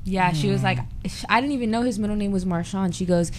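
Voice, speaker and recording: A young woman with a mid-range voice rambles through a story, filling it with likes. Her voice is heard over clear background noise. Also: mid-range voice, quick pace. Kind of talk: casual group chat.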